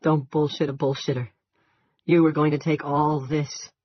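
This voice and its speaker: A man's voice: fairly high pitch, little pitch movement, normal speed, no echo, voice pushed up, natural voice. A man voicing an unhinged gunman who talks in raised, mocking bursts. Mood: excited. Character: unhinged male drifter with a gun. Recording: dull lo-fi.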